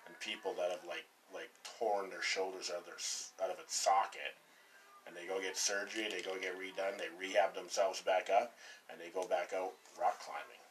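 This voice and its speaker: A man's voice: low voice, flat delivery, normal speed, a bit bright. Podcast co-host, man from Colorado, rambling casual storyteller, swears easily, a little off-mic. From Colorado, USA. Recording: distant mic, faint background noise.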